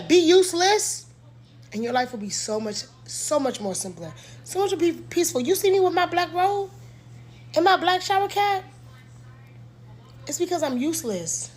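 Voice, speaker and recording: A young woman with a high voice speaks her mind straight to the camera from her home. She is blunt and emphatic and hammers her points by repeating them. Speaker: content creator. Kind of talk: candid monologue to camera.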